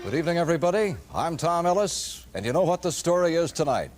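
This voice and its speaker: A man's voice: on the high side, very animated, fast, darkish tone, faint music behind. A man anchoring a TV evening newscast in a polished anchor delivery. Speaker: TV news anchor. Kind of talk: news broadcast. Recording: noisy 1970s TV news broadcast.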